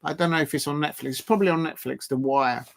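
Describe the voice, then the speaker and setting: Rambling streamer with a gravelly, slightly high voice, chatting through a football watch-along. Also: male voice, fast. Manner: rambling, chatty, many fillers and restarts. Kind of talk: casual live-stream chat, reading viewer comments.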